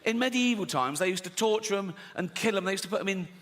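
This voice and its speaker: Bright-voiced comedian, sweary. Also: male voice, high voice, fast talker. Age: middle-aged. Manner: swearing, storytelling with tag questions "right?". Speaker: stand-up comedian. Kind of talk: stand-up routine. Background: audience laughter.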